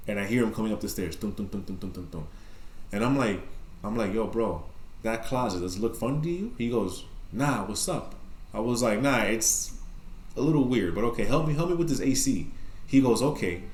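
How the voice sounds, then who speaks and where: In an echoey room, a medium-pitched man with a New York accent recounts a story as a guest on a podcast. His delivery is loose and lively, laced with swearing and frequent filler words.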